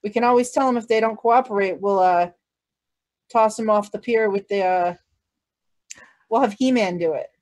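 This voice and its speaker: A woman playing a tabletop game, planning aloud in a halting way with many restarts. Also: medium pitch, darkish tone. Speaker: player. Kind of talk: casual tabletop game chat.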